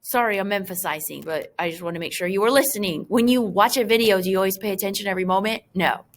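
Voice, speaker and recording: A woman teacher walks her class through an assignment on her screen, talking in a chatty, loose way with plenty of fillers and joking asides. Her voice sits at a middle pitch, recorded on a computer mic. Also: quick pace.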